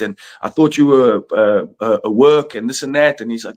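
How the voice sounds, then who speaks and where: Young male panelist, loose casual talk, rambly, lots of fillers, mid-pitched. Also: animated, quick pace, hardly any pauses. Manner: rambling with many fillers and restarts. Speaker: podcast panelist. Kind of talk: casual chat.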